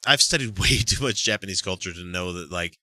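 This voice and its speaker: A man co-hosting a casual comedic podcast, talking in an animated way, laughing often and restarting his sentences. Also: sits low, a little fast, no echo. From Utah. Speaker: podcast co-host.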